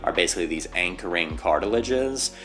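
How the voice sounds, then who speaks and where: A man's voice: deep voice, expressive, fairly quick, a bit bright, faint music behind. A man teaching singing, explaining vocal anatomy step by step and leaning on the word "basically".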